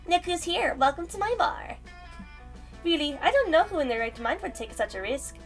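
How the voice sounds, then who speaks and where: A woman puts on a flamboyant magical cat who tends bar in a game, his voice pitched high and bouncing widely. He teases and shows off theatrically. Read from a visual novel with soft music underneath. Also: very animated, normal speed, exaggerated voice. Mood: playful. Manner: theatrical, teasing. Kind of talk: reading a visual novel aloud.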